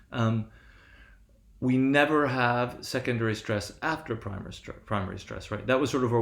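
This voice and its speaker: A man gives a lesson as a lecturer, explaining patiently and checking with his listeners after each point. He often breaks off and restarts a phrase. His mid-range voice rings in an echoey room. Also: medium pitch. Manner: explanatory, frequent "right?" checks and self-corrections. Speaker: linguistics lecturer. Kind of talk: classroom lecture on stress patterns.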